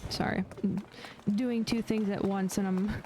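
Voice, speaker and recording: A woman's voice: medium pitch, steady tone, unhurried. Chatty woman streamer over game music. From United States. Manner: chatty, laughs often, many fillers and restarts. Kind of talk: casual chat while gaming.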